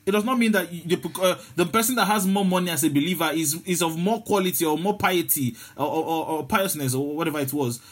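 A man's voice: fairly high pitch, fast talker, few pauses, breathy edge. A man preaching a sermon, often repeating words and restarting his sentences.

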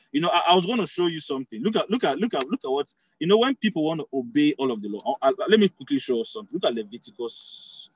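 A man's voice: on the high side, lively intonation, quick pace, few pauses, husky, no echo, low-quality recording. A man preaching a sermon in a conversational teaching style, often restarting phrases and checking that listeners follow.

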